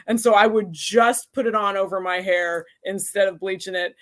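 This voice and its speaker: A woman poet from the American Midwest co-hosting a casual chat, supportive and quick to laugh. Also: mid-range voice, fairly even intonation. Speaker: poet and co-host.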